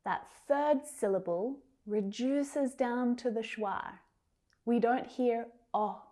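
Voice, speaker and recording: A woman with a warm, mellow voice teaches English pronunciation, stretching each word out carefully before using it in a sentence. She speaks at a very slow, deliberate pace, like a patient lesson. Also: on the high side. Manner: slow, careful, drawn-out enunciation of single words.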